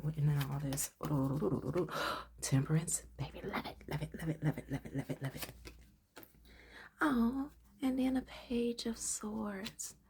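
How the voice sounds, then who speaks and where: A woman giving a casual tarot reading, blunt and profane, often dropping into whispered asides. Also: warm tone. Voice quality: husky, gravelly low voice. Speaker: tarot reader.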